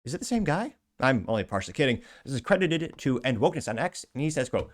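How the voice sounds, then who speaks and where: A man's voice: mid-range voice, very animated, fast talker, hardly any pauses. A man hosting a podcast, reading out social media posts with sarcastic, rambling asides. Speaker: podcast host.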